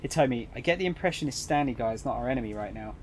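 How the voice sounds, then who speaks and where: A man reading the lines of a brash, short-tempered young man in a visual novel, gruff and snappy. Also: medium pitch, lively intonation, racing, slight background noise, lightly acted. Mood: irritated.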